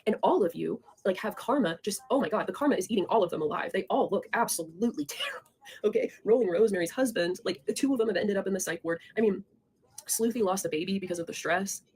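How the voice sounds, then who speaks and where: A woman's voice: medium pitch, fast talker, darkish tone, slight background noise. A young woman in a heated, profane, rambling rant, addressing her viewers directly and confronting people. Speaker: online creator talking to viewers.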